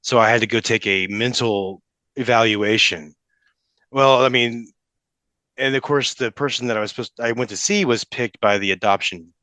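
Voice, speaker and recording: A man's voice: mid-range voice, sharp tone, no echo. Emotional man in a dry room. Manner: emotional, halting, with many restarts. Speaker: podcast guest, father in custody case. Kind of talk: casual interview talk.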